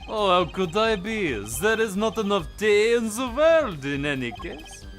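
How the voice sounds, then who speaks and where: A man's voice: high-pitched, lively intonation, unhurried, fairly bright tone, soft background music, voice pushed up. A man playing a suave rock-star prosecutor. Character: smooth, showy male rock-star prosecutor.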